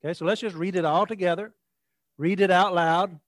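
A male preacher with a high voice, delivering an emphatic sermon. He draws out scripture verses slowly, repeats phrases, and calls on listeners to speak along. The sound is dry and close. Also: no echo. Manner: leads the congregation in call-and-response.

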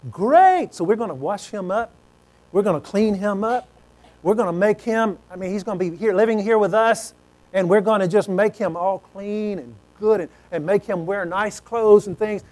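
A welcoming father reassures his returning son in a fatherly, storytelling voice, as a preacher puts him on. His voice sits fairly high. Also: normal speed, darkish tone, close to an everyday voice.

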